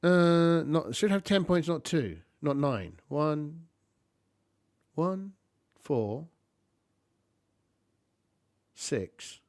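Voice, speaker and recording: A man playing a tabletop game solo and thinking aloud, halting and muttering as he counts points. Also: fairly high pitch, expressive, a little mellow, dry recording, clean studio sound. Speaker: solo tabletop player and narrator.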